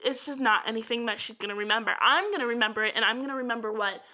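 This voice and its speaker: A young woman in her twenties talks through her feelings on her own podcast in a candid, chatty flow full of fillers. Her voice sits a little high and sounds notably bright. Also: racing. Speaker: podcast host. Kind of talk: casual personal podcast monologue.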